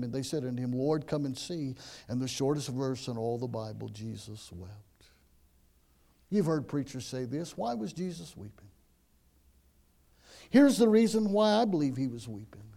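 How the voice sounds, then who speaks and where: A middle-aged man from the United States, preaching a sermon that swings from loud emphasis to hushed, almost whispered lines. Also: fairly high pitch. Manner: dramatic swings from loud to hushed, repeats words. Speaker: pastor.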